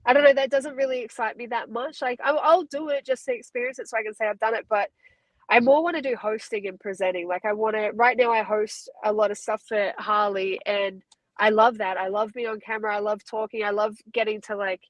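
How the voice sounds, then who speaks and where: A woman's voice: a little high, fairly even intonation, a little fast, no echo, low-quality recording. A woman from Australia with an Australian accent, chatting casually as an interview guest and laughing easily. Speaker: guest, fighter.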